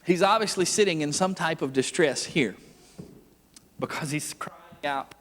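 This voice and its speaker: A man preaching a revival sermon, telling folksy stories with frequent laughs and building to loud, forceful preaching. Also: on the high side, a little slow. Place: church sanctuary. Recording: long church hall reverb.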